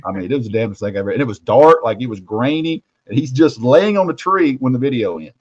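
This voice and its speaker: A man hosting casual sports talk. He tells stories animatedly, dropping to hushed asides and rising for loud punchlines. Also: medium pitch, animated, fast, no echo. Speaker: host, recruiting reporter. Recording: muffled lo-fi audio.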